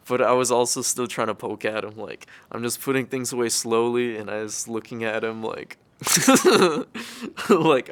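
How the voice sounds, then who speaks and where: A man's voice: medium pitch, lively intonation, a little slow, a bit bright. A young man from California tells a story in a laid-back, casual way, swearing freely and laughing often as he goes. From California, United States. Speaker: vlogger.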